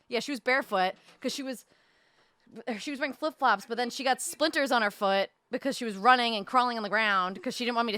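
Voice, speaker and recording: A young woman telling a story in casual chat, animated, full of fillers and swearing, close to the mic. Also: medium pitch, clean tone, dry recording. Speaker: podcast co-host telling a story. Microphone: close desk mic.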